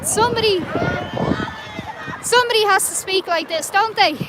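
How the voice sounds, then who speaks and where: Irish woman, very high voice, urgent rhetorical livestream talk, outdoors, clear traffic noise behind. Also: moderate pace. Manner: urgent, rhetorical, repeats questions. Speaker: street protester livestreaming. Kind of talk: impassioned livestream address to viewers. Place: outdoors on a city street.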